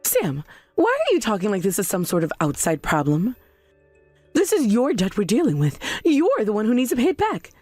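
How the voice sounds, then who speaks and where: A woman's voice: mid-range voice, wildly swooping pitch, normal speed, warm tone, no echo, faint music behind. A woman voicing an indignant middle-aged mother who refuses blame for her son's debt. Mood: alarmed. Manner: indignant, defensive.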